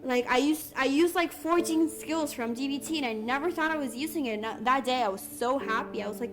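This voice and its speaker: A young woman giving candid personal testimony in an earnest, halting way, full of restarts and fillers. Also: high voice. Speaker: interviewee sharing her story. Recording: music bed under the voice.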